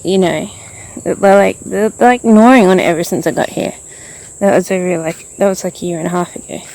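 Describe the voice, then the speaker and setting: Aussie woman ranting on a walk outside, mellow dark voice, rambly. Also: on the low side, fairly quick, vocal fry. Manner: rambling, frustrated, many fillers. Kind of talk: venting vlog monologue. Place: outdoors, walking around.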